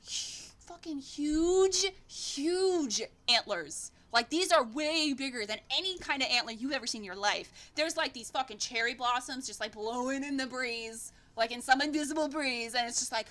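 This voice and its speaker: A woman's voice: high voice, expressive, moderate pace, fairly bright tone. A woman narrating as game master in a tabletop game, rambling, swearing freely and laughing often.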